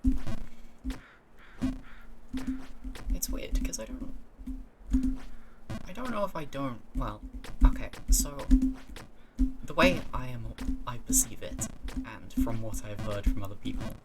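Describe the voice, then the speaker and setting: A streamer with an English accent, chatting loosely through a game session. They ramble and curse, break off and restart sentences, and sit at a middle pitch. Loud game music plays underneath the whole time. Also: animated, takes it slowly, long pauses. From England, Cambridge area. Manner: rambling, swearing, self-interrupting. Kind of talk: casual gaming stream chat.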